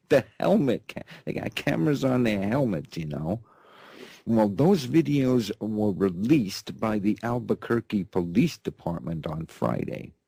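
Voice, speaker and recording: Gravelly, rambling male news host. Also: on the low side, warm tone, no room sound. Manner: rambling, mocking, repeats himself. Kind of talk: sarcastic news commentary.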